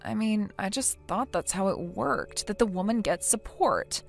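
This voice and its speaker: A woman's voice: medium pitch, measured pace, vocal fry, soft background music. A synthetic woman's voice playing a naive, self-pitying young wife who pleads and hesitates in a text-message story. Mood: pleading. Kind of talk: text-to-speech text story narration.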